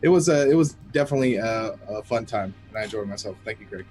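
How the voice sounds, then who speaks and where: Hesitant, halting male gamer. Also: on the low side, animated, darkish tone, faint music behind, rough recording. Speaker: player. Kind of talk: casual post-game chat.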